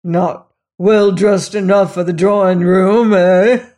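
Woman doing a loud, growling rough colonial man. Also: mid-range voice, unhurried, lightly acted. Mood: gruff, challenging. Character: rough, surly colonial man, gruff and blunt.

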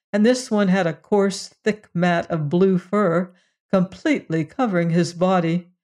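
Audiobook narrator, first-person story, measured reading, very slow pace. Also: mid-range voice, a little mellow.

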